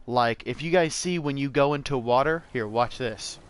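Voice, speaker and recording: A young man talks over his gameplay in a relaxed, rambling way, swearing freely and drifting from topic to topic. His voice sits at an ordinary middle pitch and comes through smooth and clear on a desk mic. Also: normal speed. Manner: rambling, profane, laid-back, says "bro" and "man". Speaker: gameplay streamer. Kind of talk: casual gameplay commentary.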